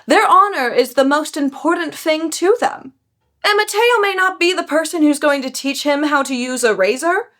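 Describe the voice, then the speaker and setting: A young woman casually recapping a novel for her vlog, animated and gushing, often laughing. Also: high voice. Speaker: book vlogger.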